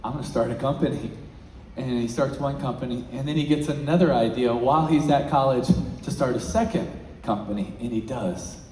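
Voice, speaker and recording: A man giving a motivational talk as a featured speaker, telling a story and swinging between hushed and loud, excited passages. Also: mid-range voice, fairly quick, a little hiss or hum. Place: large event hall. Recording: echoey hall.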